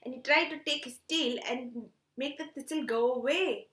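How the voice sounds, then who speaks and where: Woman storyteller for kids; high, bright, slow and animated, recorded in an echoey room. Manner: animated, asks children questions. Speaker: storytelling teacher. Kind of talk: storytelling for children.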